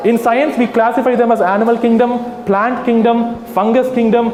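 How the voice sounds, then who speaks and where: A man, an animal rights activist, giving an animated talk to a live audience and addressing them directly. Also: very high voice, moderate pace. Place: hall with an audience. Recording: echoey hall, faint ambience.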